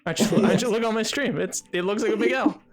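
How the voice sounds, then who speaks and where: A man's voice: sits high, fast talker, faint music behind. A man streaming a game with friends, chatting casually, joking and laughing often. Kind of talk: casual gaming chat.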